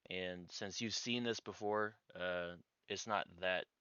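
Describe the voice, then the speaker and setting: Male game master, bright crisp voice, dull dry lo-fi mic. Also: sits low, steady tone, takes it slowly, dry recording. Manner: loose, rambling description. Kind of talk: narrating a tabletop game.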